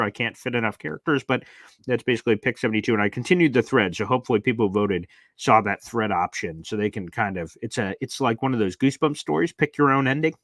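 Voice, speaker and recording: A young adult man hosting a casual live-stream chat, reading viewer comments aloud and rambling into animated stories. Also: medium pitch, no room sound, clean studio sound. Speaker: live show host.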